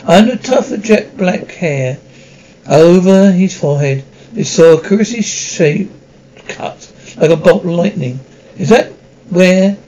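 A man reading a children's novel aloud as an amateur audiobook, halting, with frequent slips and restarts. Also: sits high, lively intonation, dark tone. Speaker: audiobook reader. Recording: dull lo-fi recording.

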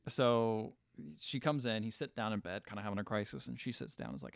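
A man's voice: on the low side, fairly quick, creaky, no echo, clean studio sound. A man co-hosting a casual movie podcast, retelling scenes loosely with quoted lines. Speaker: podcast co-host. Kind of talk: casual movie review chat.

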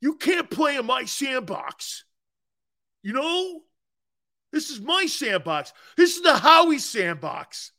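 A man mocking a petulant, childish grown man who refuses to share his sandbox, whining and shouting in a taunting voice. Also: very high voice, sing-song, slow, pitched above the performer's own voice, exaggerated voice.

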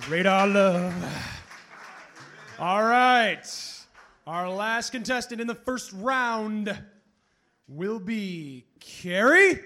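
High, bright-voiced man emceeing a slam. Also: lively intonation, drawn-out words, long pauses. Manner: loose, profane, calls out scores. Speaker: poetry slam host. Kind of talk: emceeing a live poetry slam.

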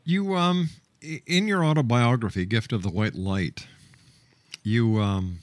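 A man hosting an interview, asking questions in a halting way, with filler sounds between phrases. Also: medium pitch, dry recording. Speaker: host, interviewer.

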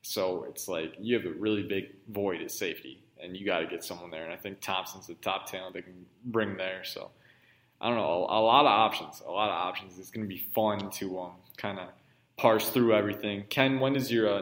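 Man, podcast host, low voice, rambling, echoey room. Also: fairly even intonation, fairly quick, a bit bright. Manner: rambling, many restarts and fillers. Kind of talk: casual podcast chat.

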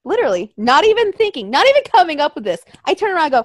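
A woman's voice: high voice, big pitch swings, quick pace, no echo, studio quality. A young woman telling a story in casual chat, swearing often and acting out quotes in voices.

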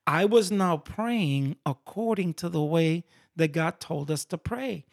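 A man's voice: on the high side, unhurried, gravelly. A man sharing his faith testimony in an earnest, conversational way, acting out his prayers and the replies he heard. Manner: animated storyteller who acts out his prayers and God's replies.

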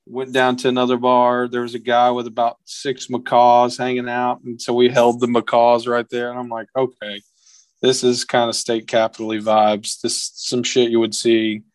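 A young man from tells a story in casual podcast chat. His voice sits mid-range, recorded dry and close. He acts out the quotes in a higher, livelier voice. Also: flat delivery, moderate pace, no echo. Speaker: podcast guest.

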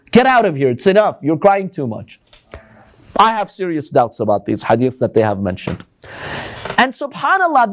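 A man lectures a live audience on religion. His voice sits high and swings widely in pitch as he presses his points with one rhetorical question after another.

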